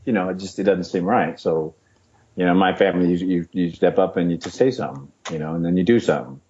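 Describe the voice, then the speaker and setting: A man's voice: low-pitched, quick pace. A middle-aged man, a retired fighter, chatting as a guest and animatedly acting out quotes as he tells his stories. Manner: animated storyteller, acts out quotes, laughs often. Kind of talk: casual interview chat. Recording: dull lo-fi podcast audio.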